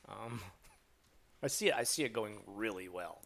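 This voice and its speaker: A man's voice: on the low side, moderate pace, gravelly, pauses often, a bit bright. Rambling joking man on a live stream. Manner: rambling, joking, many fillers, reads chat aloud. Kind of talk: casual live stream chat.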